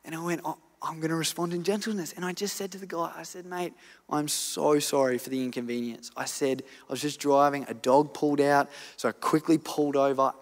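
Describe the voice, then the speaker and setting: Pastor, reverberant hall. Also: male voice, on the high side, steady tone, brisk. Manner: earnest, retelling events with swings from loud to hushed. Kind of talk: storytelling sermon. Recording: long church hall reverb.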